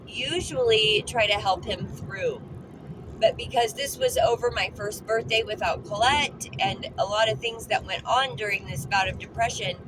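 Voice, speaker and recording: A woman talking heartfelt and earnest in a personal vlog while driving, repeating words for emphasis. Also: a little high. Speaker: vlogger. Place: in a car, driving. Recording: phone recording with clear car noise. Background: car and road noise.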